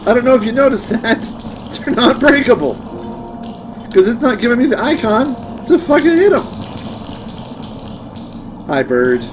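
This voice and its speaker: A man's voice: extremely high pitch, big pitch swings, unhurried, long pauses, rough recording. A man streaming a game, chatting casually with sarcastic, playful banter and free swearing while he plays. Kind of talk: casual gameplay chat. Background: game music.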